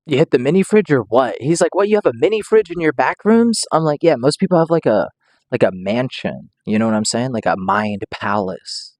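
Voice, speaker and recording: A man's voice: medium pitch, animated, brisk, darkish tone, dry recording. A young man giving casual, rambling reaction commentary, joking around and swearing freely. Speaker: reaction streamer.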